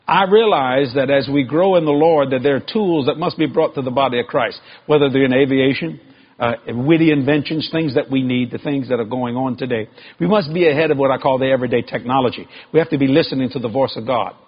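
A man preaching a sermon to a congregation, with emphatic stresses and sudden high shouted climbs. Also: husky, dull audio.

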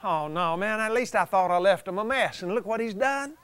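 A man's voice: high voice, a little fast, fairly bright tone, clean tone, dry recording, pitched below the performer's own voice. A man preaching a sermon voices Lucifer as an envious, scheming male fallen angel who whines and gasps with longing. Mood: covetous awe. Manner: whining, covetous, gasping in awe. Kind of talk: sermon re-enactment.

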